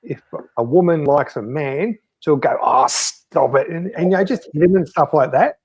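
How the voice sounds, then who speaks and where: A man's voice: on the high side, animated, moderate pace, mellow, husky. A man, co-hosting a casual interview and chiming in with a friendly aside. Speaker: host.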